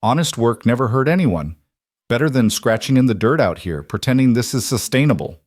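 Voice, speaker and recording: A man's voice: medium pitch, animated, fairly quick, a little mellow, dry recording, clean studio sound, voice pushed up, lightly acted. A man playing a smug, wealthy middle-aged bully who talks bluntly and sneers. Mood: sneering. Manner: blunt, sneering, falsely sympathetic.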